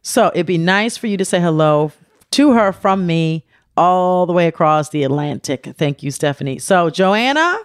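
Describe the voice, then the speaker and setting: A woman's voice: fairly low pitch, animated, clean tone, no room sound, studio quality. A middle-aged woman co-hosting a podcast, reading listener mail aloud in a playful, teasing way. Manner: playful, teasing, drawn-out emphasis. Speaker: podcast co-host.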